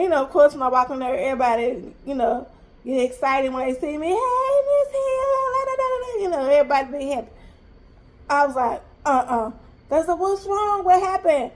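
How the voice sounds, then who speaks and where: Woman, high voice, animated and emphatic, exasperated mom telling a storytime. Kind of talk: storytime vlog.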